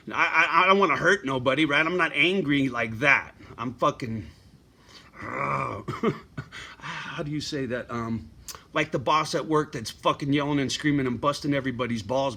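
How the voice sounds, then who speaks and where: A man's voice: mid-range voice, sharp tone. A middle-aged man ranting bluntly to his viewers in a profane, surly home vlog. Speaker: vlogger. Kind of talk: profane rant to camera.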